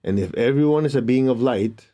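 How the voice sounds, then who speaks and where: A man teaching and leading a guided meditation, giving calm, gentle instructions and prayers. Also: mid-range voice, brisk.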